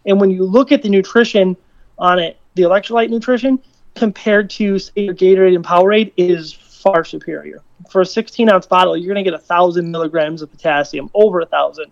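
A man's voice: fairly quick, vocal fry, no room sound. Guy explaining his product on a podcast, dull muffled audio, very dry sound. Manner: pitching, explanatory and fact-heavy. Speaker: guest, product maker. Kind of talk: interview answers.

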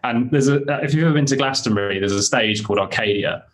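Excitable man telling stories. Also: mid-range voice, fast talker. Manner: excited, rambling storyteller with many fillers. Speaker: podcast guest. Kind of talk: casual interview chat.

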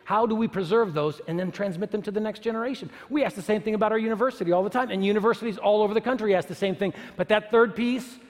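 A man with a high, ringing voice speaks in a sermon-like way. He asks the listeners rhetorical questions and repeats lines for emphasis. A long reverb trails his voice through the large hall. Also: fast, few pauses. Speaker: speaker at a church or university gathering. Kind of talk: sermon-like talk.

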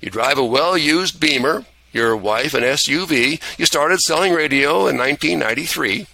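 A man voicing a grinning old male guardian angel in a chipper, coaxing, high voice. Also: lively intonation, normal speed, vocal fry, sharp tone, a little hiss or hum, exaggerated voice. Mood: knowing.

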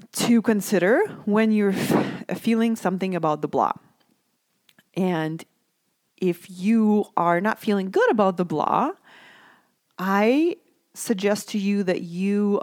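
A young woman talks in a gentle, easy conversational way, often pausing to ask her listeners "right?". Her voice sits at an everyday middle pitch, recorded close and dry with no room sound. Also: dry recording. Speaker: mom talking about self-care. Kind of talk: casual reflective talk to listeners.

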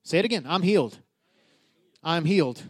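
A pastor with a high, expressive voice delivers a passionate sermon at normal speed, stumbling over restarts and repeating key words. He moves between soft, intimate asides and loud, soaring declarations.

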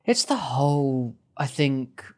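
A man's voice: medium pitch, expressive, slow pace. A young British man co-hosting a casual podcast, with a dry, understated, laid-back way of talking. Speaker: podcast co-host and editor.

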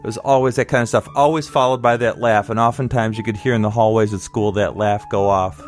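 A man's voice: fairly low pitch, fairly even intonation, a little fast, music in the background. Wry middle-aged man telling a story. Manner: conversational, wry, nostalgic. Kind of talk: personal storytelling.

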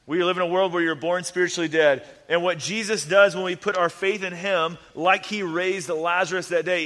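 A man's voice: high-pitched, fairly bright tone, big-room sound. A man preaching a sermon as pastor, earnest and repetitive, with casual fillers between his points.

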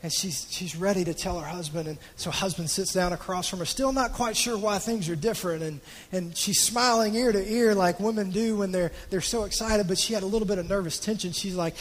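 A man preaches to a congregation, his voice sitting high. He tells a story in a loose, conversational way, stumbling over and repeating words. His voice trails off into the long reverb of a large church auditorium. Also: brisk. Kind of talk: sermon storytelling.

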